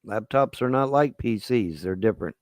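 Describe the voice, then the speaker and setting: A man's voice: on the low side, animated, moderate pace, a little mellow, no room sound. Furious profane man ranting on stream. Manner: angry, profane, threatening. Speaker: live streamer. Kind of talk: heated live-stream rant.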